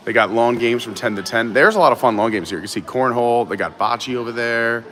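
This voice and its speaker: A man's voice: mid-range voice, quick pace, a bit bright. Chatty man hosting a live stream. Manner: chatty, upbeat, greets viewers. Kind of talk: casual live stream chat. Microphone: gimbal camera.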